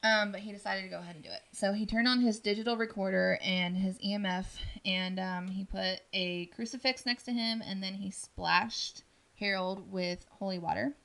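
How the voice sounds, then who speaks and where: Gravelly-voiced woman telling a story. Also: medium pitch, fairly even intonation, normal speed, fairly bright tone. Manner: rambling, full of ums and likes. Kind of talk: casual storytelling.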